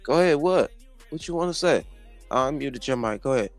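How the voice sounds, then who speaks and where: A man hosts a casual livestream with a mid-pitched voice. He is brash and mocking, and he swears freely at the people in his chat. Faint music plays behind him. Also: animated, fairly quick. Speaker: livestream host.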